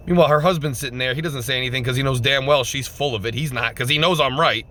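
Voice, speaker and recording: A man giving an emphatic, repetitive postgame rant as a fan vlogger, swinging between loud outbursts and subdued sadness. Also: mid-range voice, brisk.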